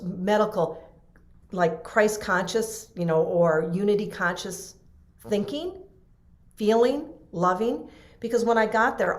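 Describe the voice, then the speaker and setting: Middle-aged female guest, low register, heartfelt and rambling. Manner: earnest, emotional, restarts often. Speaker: podcast guest. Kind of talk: conversational storytelling.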